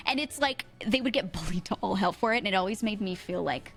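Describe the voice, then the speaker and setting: A woman's voice: mid-range voice, quick pace, hardly any pauses, soft background music. A young woman streamer chatting casually, laughing often and mimicking how others pronounce words. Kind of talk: casual chat.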